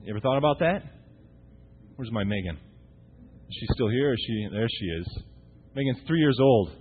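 A man's voice: medium pitch, expressive, normal speed, long pauses, husky. A man in his thirties preaching a conversational, humorous sermon as pastor, often asking the congregation rhetorical questions. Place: church sanctuary. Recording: tinny, echoey church recording.

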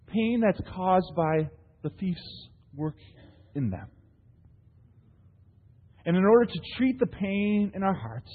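Husky high-voiced preacher in a reverberant hall. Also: male voice. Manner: asks the congregation rhetorical questions; animated storyteller with frequent "right?" tags. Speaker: pastor. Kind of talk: sermon. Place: church hall. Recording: long hall reverb, thin phone-like sound.

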